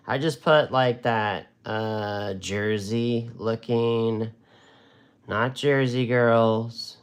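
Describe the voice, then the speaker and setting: A watercolor art instructor runs a casual live-stream lesson, chatting, joking, and rambling as he draws. His voice is fairly low in pitch with a clean tone.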